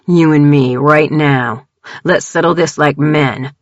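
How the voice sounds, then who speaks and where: A woman's voice: sits low, steady tone, slow pace, no echo, lo-fi sound. A woman voicing an angry, hurt estranged husband who talks in demanding, accusing bursts. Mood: challenging.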